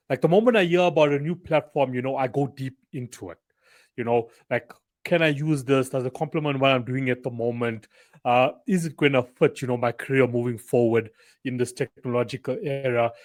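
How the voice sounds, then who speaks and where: A man hosting an interview in a loose, chatty way. He fills his sentences with "you know" and "like," and his pitch sits in a middle range. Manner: chatty, filler-heavy, with frequent "you know". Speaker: interview host. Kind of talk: casual interview talk.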